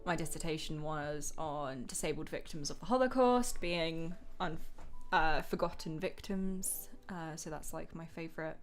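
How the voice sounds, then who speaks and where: A young woman with a slightly low voice co-hosting a relaxed podcast. She speaks in a friendly, explanatory way and laughs easily, with faint music in the background. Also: a little slow, few pauses. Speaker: co-host. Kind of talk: casual podcast chat.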